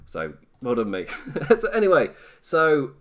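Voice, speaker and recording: A man's voice: medium pitch, huge pitch swings, unhurried, fairly bright tone. A British man hosting a live stream, commenting casually in a rambling, self-mocking way and laughing often.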